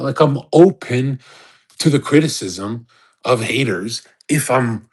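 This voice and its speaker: A man in his thirties holds forth in a casual rant, swearing freely and lecturing with emphatic insistence. His voice sits at an ordinary middle pitch, and he hosts the conversation as if talking straight to his listeners. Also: animated, takes it slowly, breathy edge. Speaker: host of a live audio chat room. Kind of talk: casual ranting monologue.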